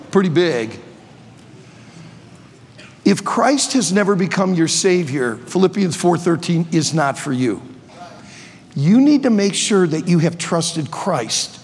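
Sixties male preacher, high husky voice, playful and shouty, long hall reverb. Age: 60s. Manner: playful, joking, bursts into shouts. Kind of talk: energetic youth sermon.

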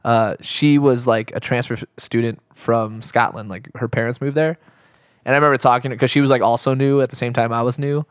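A man's voice: mid-range voice, fairly even intonation, brisk, clean tone, dry recording, studio quality. A young man co-hosting a casual podcast, telling a story in a chatty, filler-heavy way. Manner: chatty storyteller, many 'like's. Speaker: podcast co-host.

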